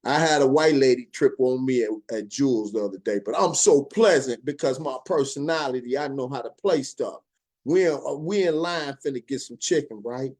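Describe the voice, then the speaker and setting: A man's voice: medium pitch, normal speed. A middle-aged man, hosting a podcast and speaking in an emphatic, drawling monologue. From Chicago. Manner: animated, emphatic, drawling storytelling with laughs. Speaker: podcast host. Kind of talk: opinionated monologue.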